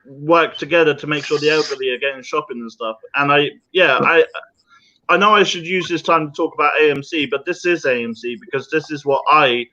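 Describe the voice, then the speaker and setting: A man's voice: on the high side, a little fast, pushed and bright, slight background noise. A man chatting as a guest on a livestream, rambling and jokey and laughing often, heard over a remote call. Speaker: guest, small business owner. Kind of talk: casual chat on a livestream. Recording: dull lo-fi call audio.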